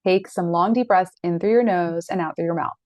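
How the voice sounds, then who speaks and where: In her thirties, this woman presents an online masterclass with a fairly low pitch and fairly quick delivery, recorded dry. She's sincere, direct and encouraging, adding animated quoted asides.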